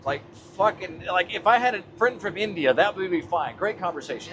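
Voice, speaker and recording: A man's voice: high-pitched, sing-song, normal speed, hardly any pauses, background noise. A man, a long-haul truck driver, chatting casually on a livestream while he drives, exasperated and swearing freely as he rambles. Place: truck cab on the road.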